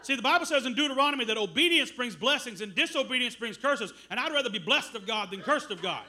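A middle-aged man preaching a sermon as a missionary, telling stories with loud bursts. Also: very high-pitched, fast, slight background noise. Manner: animated storytelling with loud bursts.

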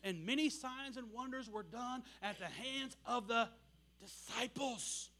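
A man preaching a sermon, telling stories with animated bursts of shouting. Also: extremely high pitch, measured pace.

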